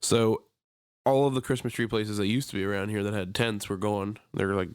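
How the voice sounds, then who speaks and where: A young man co-hosting a podcast, telling a long story in casual chat, swearing freely and breaking into high voices when he quotes people. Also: fairly even intonation, fairly quick, clear, resonant tone, no echo, studio quality. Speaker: podcast co-host. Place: small room, in person with co-host.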